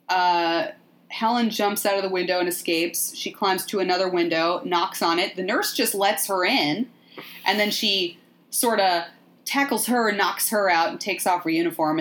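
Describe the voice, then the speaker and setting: A woman's voice: fairly low pitch, moderate pace. Sardonic woman podcast host. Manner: sardonic, profane, animated storytelling. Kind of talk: casual movie recap chat.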